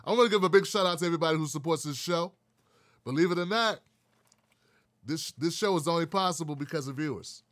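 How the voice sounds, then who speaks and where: A man hosts a live political talk show and greets his viewers in a loose, joking way. He makes dry, sarcastic asides. His voice sits a bit high, and the sound is close and dry with no room echo. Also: fast, a bit bright. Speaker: show host.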